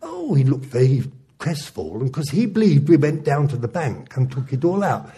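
A man preaching with a very husky, hoarse-edged voice. His pitch sits a little high and swings widely as he tells his story. He chuckles often, and the tone is dark and mellow. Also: big pitch swings, normal speed. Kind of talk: sermon testimony storytelling.

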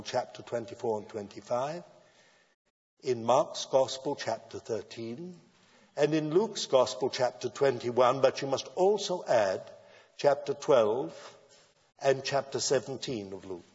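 A man preaching a sermon in a measured style that builds to emphatic declarations. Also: mid-range voice, a little mellow, breathy edge. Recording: dull lo-fi sound with long hall reverb.

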